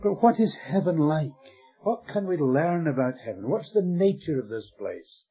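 An older man preaching a sermon, with dramatic pauses and drops to a hushed voice on key words. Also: on the high side, very animated, breathy edge, faint music behind. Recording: dull lo-fi recording.

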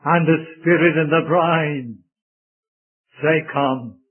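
Male preacher, husky voice, fairly high pitch, slow and solemn, tinny lo-fi sermon recording. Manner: slow, solemn, emphatic delivery. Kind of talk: sermon with scripture reading.

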